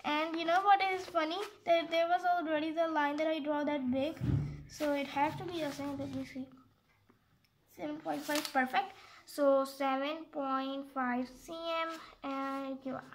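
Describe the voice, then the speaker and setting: A woman's voice: high voice, steady tone, moderate pace, slight background noise. A woman explaining a geometry exercise step by step in a casual, rambling way, often stopping to correct herself and apologize. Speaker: math tutorial maker.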